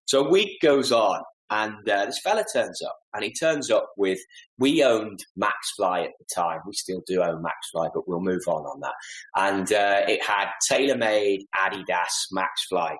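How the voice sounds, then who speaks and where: A man, a podcast guest telling animated, self-deprecating stories and acting out little asides. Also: on the low side, measured pace, roomy sound, rough recording. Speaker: podcast guest, golf club fitter. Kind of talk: casual storytelling interview.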